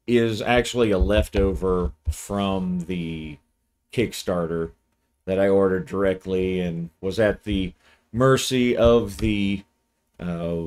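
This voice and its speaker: Man, somewhat low voice, relaxed, rambling, casual host. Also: slow pace. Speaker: channel host, game reviewer. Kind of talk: casual video review.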